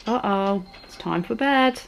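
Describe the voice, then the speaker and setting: A woman's voice: mid-range voice, a little slow, gravelly, soft background music, poor audio. A young woman talking through a scary film as a vlogger, gasping, squealing and chatting in a casual reaction vlog.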